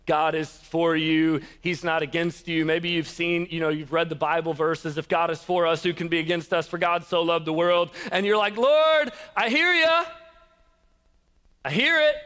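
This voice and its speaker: A young man preaching a conversational sermon, telling stories with a self-deprecating, laughing, animated delivery. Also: a little high, moderate pace, few pauses, clear, resonant tone. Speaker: pastor.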